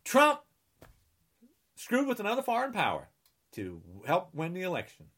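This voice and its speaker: A New Jersey political commentator delivers a furious, sarcastic rant, scolding his listeners and repeating mocking refrains. His high-pitched, fairly bright voice swoops wildly in pitch at a normal speed.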